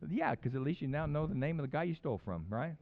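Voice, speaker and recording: Chatty pastor, a man with a rather high voice. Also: expressive, fast, phone-quality sound. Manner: rambling, chatty storytelling with many restarts. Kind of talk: sermon with personal stories.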